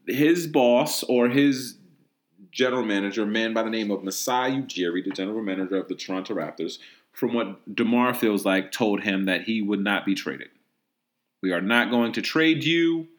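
A man's voice: on the low side, moderate pace. A man hosting a solo sports podcast, rambling and mocking in a casual, profane way, full of "like" and "um". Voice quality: profane, rambling, heavy use of "like" and "um". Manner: animated, mocking, incredulous. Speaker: podcast host.

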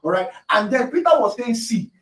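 A man preaching a sermon emphatically, repeating key phrases and at times raising his voice to a shout. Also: sits high, lively intonation, a little fast. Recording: echoey room, distant mic.

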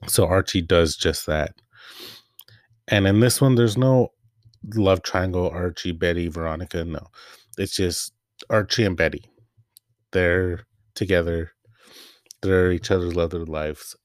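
A man's voice: deep voice, fairly even intonation, unhurried, long pauses, no room sound, clean studio sound. A man hosting a casual comic review, rambling with fillers and trailing asides, his voice wearing out. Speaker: host.

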